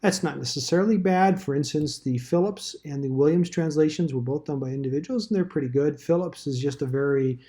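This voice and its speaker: A man's voice: fairly high pitch, brisk, hardly any pauses, mellow. A man teaching a Bible study class in a casual, rambling way, with dry asides.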